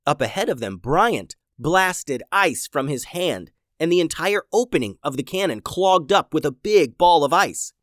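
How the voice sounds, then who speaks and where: Male storyteller for kids, very lively pitch, dry close sound. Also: a little slow, hardly any pauses, no echo. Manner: animated, dramatic storytelling. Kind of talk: scripted children's story narration.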